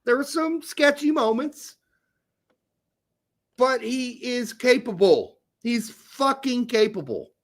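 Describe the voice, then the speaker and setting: A man co-hosting a casual soccer podcast, animated, jokey and swearing freely. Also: very high-pitched, slow pace. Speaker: podcast co-host. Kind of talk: casual sports chat.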